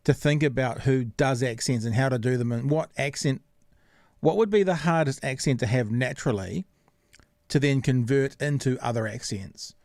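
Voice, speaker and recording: A man's voice: mid-range voice, normal speed, darkish tone, no room sound, studio quality. A man hosting a podcast in casual chat, rambling and searching for words. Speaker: podcast host.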